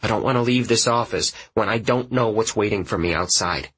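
A man narrating a first-person story in an audiobook, in a quiet, measured way. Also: on the low side, breathy edge, poor audio.

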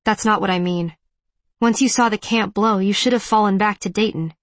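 A woman's voice: mid-range voice, normal speed, dry recording, natural voice. A woman voicing an earnest wounded teenage boy.

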